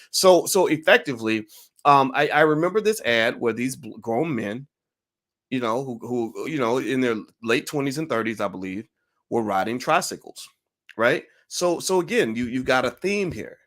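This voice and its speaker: A man's voice: medium pitch, fairly bright tone. A man giving an opinionated commentary monologue, emphatic, firing rhetorical questions and tagging lines with "right?".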